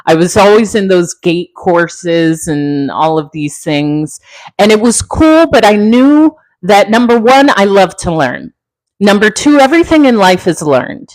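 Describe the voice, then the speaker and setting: A woman's voice: expressive, a little slow, a little mellow, dry recording, rough recording. Heartfelt woman from Central California. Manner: heartfelt, reflective, wide pitch swings, laughs easily. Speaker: livestream host, former flight attendant. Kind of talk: casual livestream talk reading comments.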